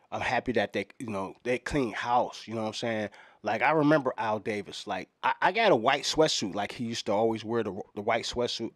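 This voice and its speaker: A man's voice: medium pitch, dry recording, studio quality. A middle-aged man in a rambling parody press conference, drifting off topic and saying "you know what I'm saying" over and over. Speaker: comedian doing a mock fan press conference. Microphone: microphones in front of him at a podium.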